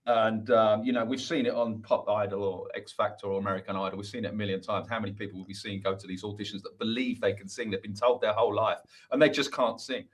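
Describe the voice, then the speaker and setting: A man's voice: on the low side, steady tone, fast talker, hardly any pauses. A man with an English accent, a musician guest talking earnestly about singing in a casual interview. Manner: earnest, explains with many restarts.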